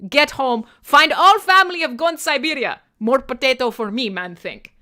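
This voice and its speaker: A woman voicing an angry, hungry Russian peasant man in a put-on Russian accent, speaking loud, slow, broken English. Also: high-pitched, animated, voice pushed up. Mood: angry grumbling.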